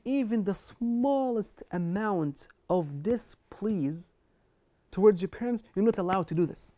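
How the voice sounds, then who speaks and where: Woman, religious lecture, emphatic, lowish voice, mellow tone. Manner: earnest, emphatic, quotes Arabic scripture and scholars. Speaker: Islamic lecturer. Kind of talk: religious lecture on kindness to parents.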